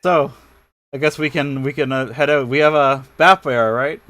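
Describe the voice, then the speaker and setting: A man's voice: mid-range voice, fairly even intonation, moderate pace, fairly bright tone, no room sound. Man, tabletop player, hesitant, laughs a lot, dry close sound. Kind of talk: casual tabletop chat.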